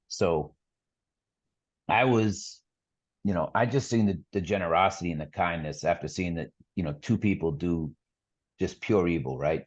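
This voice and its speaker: A man's voice: low voice, a little mellow, lo-fi sound. A middle-aged man, a podcast guest, telling his story earnestly in a rambling casual way with lots of fillers and restarts.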